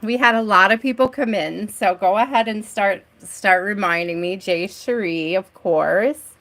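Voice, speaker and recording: A woman tarot reader talking on a live stream at a slow, relaxed pace. Her chat is loose and friendly and broken up by frequent laughter. She greets her viewers one by one as she builds a list. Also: mid-range voice.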